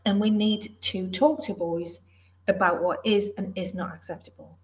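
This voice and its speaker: A woman's voice: mid-range voice, steady tone, moderate pace. A middle-aged woman from the UK, a former police officer and author, talking in an earnest, emphatic, plain-spoken way in a casual interview.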